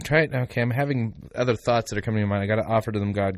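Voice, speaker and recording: Racing along with few pauses, a man with a lowish voice hosts a commentary show. As a podcast host offering critical commentary, he speaks to listeners sarcastically and mockingly, full of asides.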